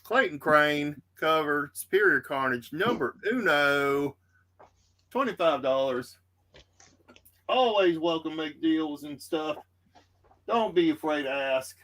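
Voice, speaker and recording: A man's voice: fairly high pitch, animated, slow, sharp tone. Laid-back Southern man selling comics. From Texas. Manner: easygoing, rambling with many fillers. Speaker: comic book seller hosting a live auction. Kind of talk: live-stream sales patter.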